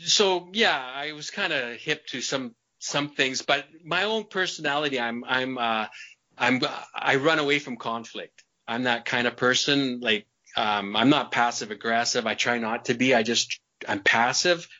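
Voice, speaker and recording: An interview guest tells a long personal story in a loose, rambling way, repeating words and laughing between sentences. His medium-pitched voice is pushed and bright, at a measured pace. The lo-fi audio is slightly muffled.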